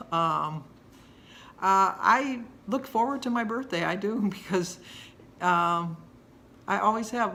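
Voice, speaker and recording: A woman's voice: lowish voice, gravelly, a bit bright, a little hiss or hum. Chatty woman in her sixties vlogging. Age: 60s. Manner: chatty, rambling, homey. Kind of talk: casual chat to camera.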